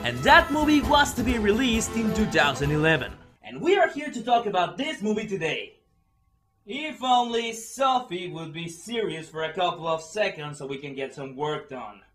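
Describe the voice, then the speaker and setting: Lively high-voiced man reviewing movies. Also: normal speed, distant mic, faint music behind. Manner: exasperated, animated. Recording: roomy echo.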